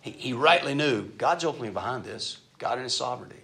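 A middle-aged man preaching a sermon, telling stories and shifting between loud emphatic bursts and soft asides. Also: mid-range voice, animated, quick pace, vocal fry. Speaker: pastor.

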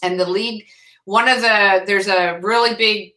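A woman with a bright, forceful tone tells her faith story as a guest. She speaks emotionally, stumbling over restarts and repeating herself. Her pitch sits in an ordinary middle range. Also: fairly even intonation, rough recording. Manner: emotional, halting, with frequent restarts. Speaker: guest author. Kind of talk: testimony in a faith interview.

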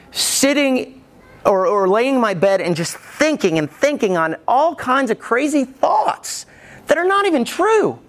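A man's voice: very high voice, a bit bright. A pastor in his forties preaching a sermon in a church, candid and dramatic in his storytelling. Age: 40s.

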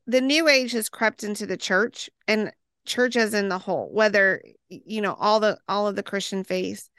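A woman hosting an interview, attentive and quick to react. Her voice is smooth and resonant, and it is recorded close and dry. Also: medium pitch, fairly bright tone, dry recording. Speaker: host. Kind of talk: interview chat.

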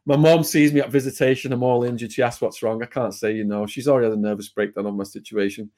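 A man's voice: medium pitch, steady tone, dark tone. An English man, a guest in an interview, telling a story in a vivid, conversational way. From England. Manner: vivid retelling, brisk and conversational.

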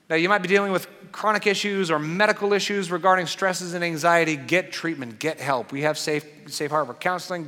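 A pastor preaching a sermon in an animated, conversational way with playful asides. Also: male voice, fairly high pitch, in a large hall.

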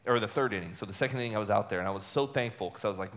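A man who is a retired relief pitcher, telling a story in an interview with chatty, repeated words and lively bits of acted-out speech. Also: racing. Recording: long hall reverb.

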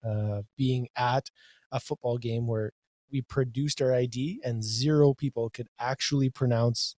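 A man co-hosting a podcast in an easygoing, joking way, with a mid-pitched voice. The sound is dry and close, with no room around it. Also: fairly even intonation, unhurried, a little mellow, dry recording. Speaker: co-host. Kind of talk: casual podcast chat.

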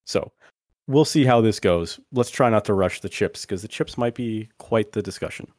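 A man with a fairly low voice hosts a relaxed podcast conversation and keeps it moving by calling on his co-hosts in turn. The sound is dry and close, with no room echo. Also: moderate pace. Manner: steers the segment, calls on co-hosts by name. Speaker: podcast host. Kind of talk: casual podcast chat.

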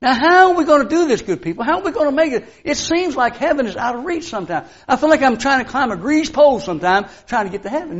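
An older preacher with a high voice tells homely stories from the pulpit. He drops to near murmurs, then bursts into loud cries of wonder. The recording sounds a little muffled and lo-fi. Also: expressive, normal speed, slightly rough. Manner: folksy storytelling, swinging from hushed to loud exclamations. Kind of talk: sermon.

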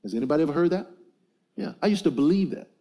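At a men's gathering, a middle-aged motivational speaker preaches rapid-fire in an expressive, mellow voice on the high side. He drives call-and-response and punches up his stories with emphasis.

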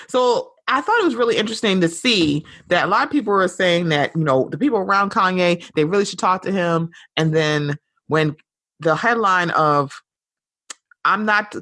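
Woman podcast host, casual and outspoken, swears freely; lively pitch, dry close-miked sound. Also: normal speed, dry recording. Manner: animated, blunt, swears freely. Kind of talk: casual pop culture commentary.

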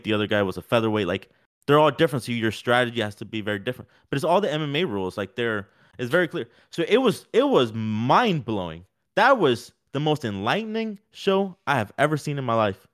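A man co-hosting a podcast, talking in a rambling, animated, casual way with many fillers. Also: medium pitch. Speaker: podcast co-host. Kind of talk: casual sports chat.

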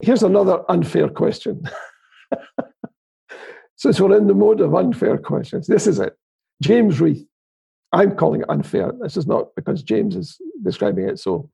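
A man's voice: high-pitched, unhurried, vocal fry, long pauses, mellow, slightly rough, muffled recording. A Scottish man interviewing a guest in a casual political chat, asking wry, teasing questions. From Scotland.

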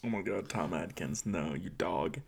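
A man's voice: low-pitched, moderate pace, gravelly, slightly rough. A man co-hosting a podcast, chiming in with jokes and teasing remarks. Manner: joking, teasing interjections, laughs often. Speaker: podcast co-host. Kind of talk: casual chat.

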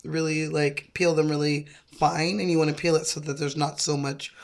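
A woman's voice: deep voice, little pitch movement, normal speed, creaky. Laid-back young woman explaining cocktails. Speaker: co-host making cocktails. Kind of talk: casual chat.

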